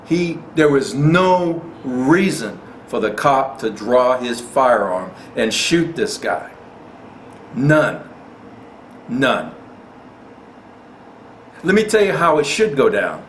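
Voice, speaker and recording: The host of a gun rights channel gives heated, indignant commentary, repeating lines to drive them home. He has a mid-range, fairly bright voice, and the echoey room carries faint noise.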